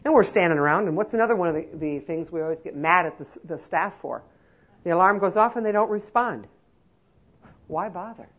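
A woman's voice: lowish voice, animated, brisk, breathy edge, rough recording. A woman giving a lecture to nursing-home staff, emphatic and conversational, with many rhetorical questions. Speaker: elder-care trainer.

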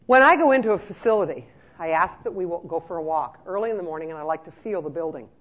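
Brief: middle-aged woman, lively speaker to care staff, muffled lo-fi sound. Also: fairly low pitch, fast talker. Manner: lively storyteller, checks in with "okay?" often. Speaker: speaker on nursing home care. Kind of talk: conference talk to care staff. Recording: muffled lo-fi recording.

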